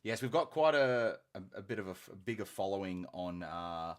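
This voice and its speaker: A man's voice: low-pitched, lively intonation, brisk. A man hosting a live hobby stream, chatty and jokey, greeting viewers with slang. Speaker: stream host. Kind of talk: casual live-stream banter.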